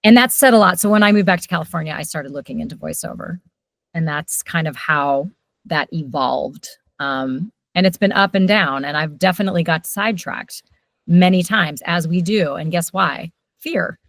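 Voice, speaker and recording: A woman's voice: on the low side, dry recording. A middle-aged woman, a voiceover coach, telling stories animatedly in a casual interview. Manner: animated storyteller, quick shifts in loudness.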